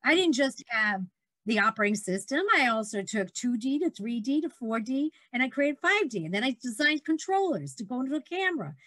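Middle-aged woman, guest storyteller, animated and laughing, high-ish voice, dry close sound. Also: a little fast, no room sound. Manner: animated, laughs often, acts out quoted people. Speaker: guest entrepreneur. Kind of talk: casual conversational storytelling.

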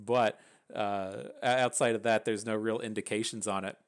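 A man's voice: lowish voice, fairly even intonation, normal speed. A man from West Virginia with a thick Appalachian accent, chatting casually and rambling through gameplay commentary, swearing freely. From West Virginia, USA. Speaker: gaming channel host.

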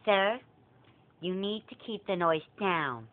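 Slow and high-pitched, this young man does an impression of a well-known male stand-up comic, relating a prank with lively storytelling and voicing each of the characters. It sounds like a tinny, lo-fi phone recording.

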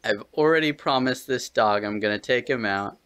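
A man's voice: mid-range voice, normal speed, fairly bright tone, clean tone, no echo. A man vlogging casually, short on sleep, talking to his dog in an exasperated, swearing, mock-scolding way.

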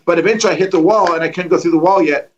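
A middle-aged man preaching, telling testimony stories in an animated way and acting out the dialogue. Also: sits high, very fast, highs cut off, slight background noise. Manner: animated, acts out dialogue with lively voices. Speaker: guest preacher. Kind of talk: storytelling testimony.

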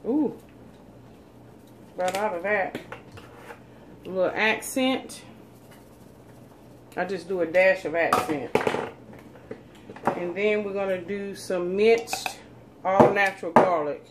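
A woman's voice: mid-range voice, fairly even intonation, slow pace, pauses often, background noise. A woman, chatting folksily to viewers as she demonstrates cooking in her home kitchen. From North Carolina, USA. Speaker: cooking channel host.

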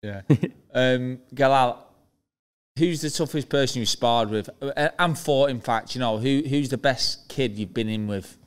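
A man's voice: medium pitch, measured pace, clear, resonant tone. A man in his thirties hosting a podcast in casual banter, jokey and swearing freely. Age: 30s. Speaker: podcast host and boxer.

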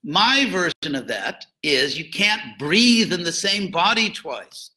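With a high-pitched voice and a slow pace, an older spiritual teacher lectures students informally, slipping in jokes and stressing points with animation. The audio is poor.

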